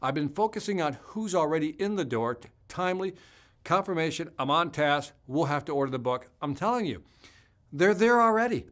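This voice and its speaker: A man's voice: on the high side, brisk. A man hosting a live stream as a sales trainer, chatting energetically and answering viewer comments directly. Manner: energetic, conversational, talks straight to viewers.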